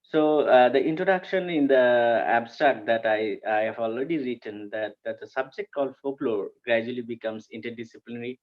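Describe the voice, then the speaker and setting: A man gives an academic conference presentation. He speaks at a middle pitch, stops often, and restarts his sentences. The audio sounds dull and lo-fi, like an online call. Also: moderate pace, few pauses. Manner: hesitant, frequent fillers and restarts.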